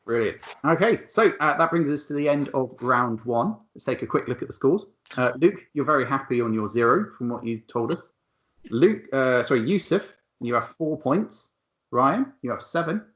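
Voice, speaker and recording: A man hosts a casual quiz among friends, his voice rising and falling a lot as he reads out questions and tallies scores. He talks in a relaxed, chatty way with a middle pitch. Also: normal speed, muffled recording. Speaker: quiz host. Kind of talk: casual online quiz chat.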